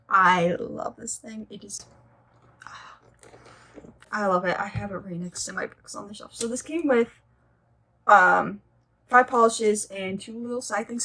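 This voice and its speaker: A woman's voice: a little high, sharp tone. A young woman chatting casually as she reviews her nail polish collection, gushing and rambling into side stories.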